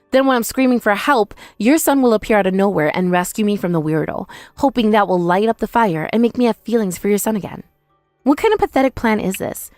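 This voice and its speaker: A woman's voice: mid-range voice, darkish tone, no room sound, clean studio sound. A young woman telling a first-person dramatized story in an indignant, accusing manner. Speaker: narrator and protagonist.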